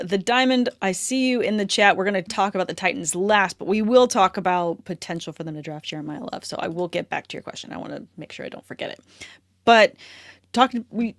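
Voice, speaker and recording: A woman's voice: medium pitch, no room sound, studio quality. A young adult woman co-hosting a fantasy football podcast in casual chat, upbeat and talkative, laughing often.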